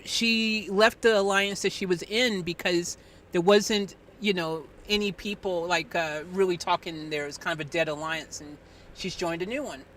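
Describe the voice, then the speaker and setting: Bright, rambling live-streamer voice. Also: medium pitch. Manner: animated, rambling, with restarts. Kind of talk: casual live-stream chat.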